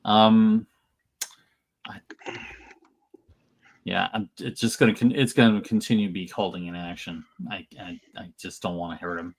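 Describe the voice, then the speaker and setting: A man playing a tabletop game, hesitant and thinking aloud with many pauses. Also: sits low, flat delivery. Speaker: player. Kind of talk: casual tabletop game chat.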